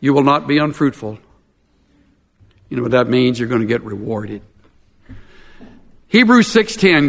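A pastor preaching a sermon in a folksy, animated way with self-mocking humor. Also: male voice, mid-range voice, a little slow, creaky, long pauses, long reverb tail.

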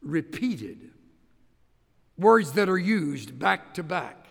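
Bible teacher, male, high gravelly voice, emphatic and hands-on, heard in a big reverberant hall. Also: unhurried. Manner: emphatic, animated, directs listeners step by step.

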